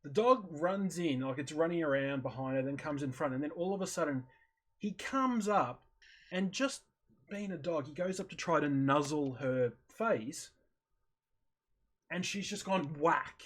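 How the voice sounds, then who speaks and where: A man with a husky, slightly breathy voice that sits a bit higher than most men's. He talks casually over voice chat and tells a story with animated energy. He acts out his own reactions as he goes. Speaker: streamer in voice chat. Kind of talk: casual chat, retelling a video. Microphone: headset or desk mic on voice chat.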